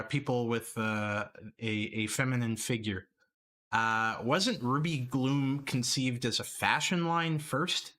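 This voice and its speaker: A man's voice: medium pitch, bright, forceful tone. A man streaming live, reacting to a video with blunt, laughing, mocking commentary.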